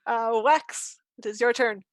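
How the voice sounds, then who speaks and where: A woman running a tabletop game as game master, describing the action in a relaxed, loose way with fillers. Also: fairly high pitch, unhurried, no room sound.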